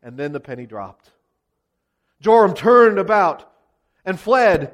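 A man's voice: sits high, lively intonation, unhurried. A male preacher delivering a sermon, retelling scripture as vivid, dramatic storytelling. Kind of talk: expository sermon.

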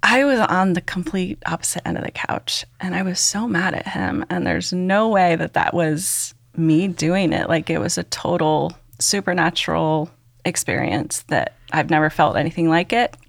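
A woman's voice: on the low side, moderate pace, vocal fry, dry recording, clean studio sound. A woman, a podcast guest, giving an earnest personal testimony, rambling with many "likes" and ums.

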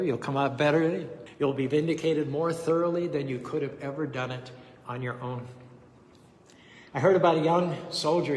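A man preaching a sermon, emphatic and rhythmic, slowing down to stress key phrases. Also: fairly high pitch, reverberant, big-room sound.

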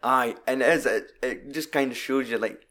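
Man, casual podcast chat, sweary, rambling, mid pitch. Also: moderate pace. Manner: sweary, rambling, animated retelling.

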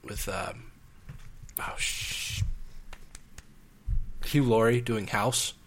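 Speaking extremely slowly in a lowish voice, this man co-hosts a film review podcast. The talk is casual, and he's hesitant, restarting sentences and letting thoughts trail off.

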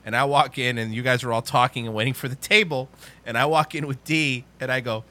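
A man hosting a podcast, telling a comedic story in a rambling, animated way and laughing at his own jokes. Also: medium pitch, brisk, no echo.

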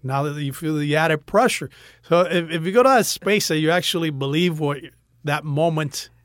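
A man with a Cuban American accent talks through his acting work in a relaxed interview, his voice sitting a little high. He is animated and often circles back over his own words. The sound is close and dry, with no room around it. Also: normal speed, no room sound. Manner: animated storyteller, restarts and repeats words. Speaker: actor, interview guest. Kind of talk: casual interview chat.

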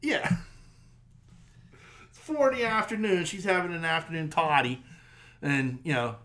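A man's voice: on the high side, a little slow. A man co-hosting a podcast, chatting casually and teasing his friend, often acting out quotes. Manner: animated, teasing, acts out quotes. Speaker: podcast co-host. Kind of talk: casual chat.

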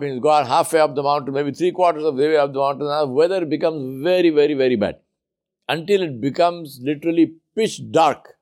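A man giving a sermon and telling a teaching story, repeating words for emphasis. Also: fairly high pitch. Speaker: preacher.

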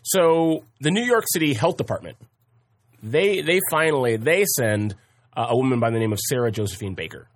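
A podcast host recounts a history story in a relaxed way, chatty and laughing frequently, with plenty of fillers and restarts. His voice is medium in pitch and animated, moving at a normal speed.

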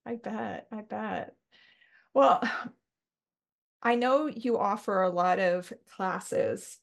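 Gravelly-voiced woman podcast host. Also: medium pitch, drawn-out words. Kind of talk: casual podcast conversation.

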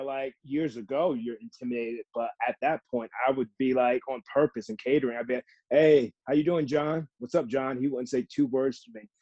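Animated man telling stories, lo-fi. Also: mid-range voice, no room sound. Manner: animated storyteller, fillers, acts out quotes. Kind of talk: casual storytelling chat. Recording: dull dry lo-fi sound.

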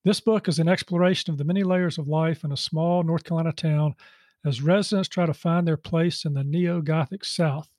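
A man's voice: fairly high pitch, steady tone, brisk, a little mellow, no echo, clean studio sound. A male podcast host introducing the episode and reading announcements in a chatty way, with many "uh" fillers. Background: guitar music.

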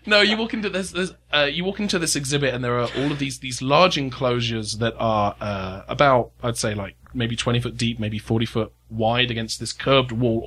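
Game master, man, bright and forceful tone, rambling scene narration. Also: medium pitch. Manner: halting, full of fillers and restarts while describing scenes.

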